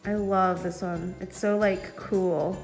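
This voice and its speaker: A woman's voice: on the low side, fairly even intonation, slow, soft background music. Chatty young woman vlogger. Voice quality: chatty, lots of filler words. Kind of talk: casual vlog chat.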